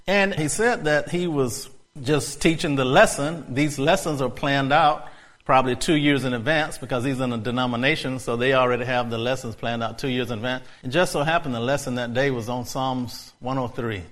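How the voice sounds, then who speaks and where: A man preaching a sermon, storytelling in a conversational way before building to loud, excited preaching. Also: mid-range voice, normal speed.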